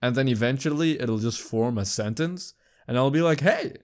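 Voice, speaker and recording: A young man hosting a podcast, chatting casually in a rambling, profane way and jumping into high squeaky voices for quips. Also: moderate pace, a little mellow, clear, resonant tone. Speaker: podcast host. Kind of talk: casual chat.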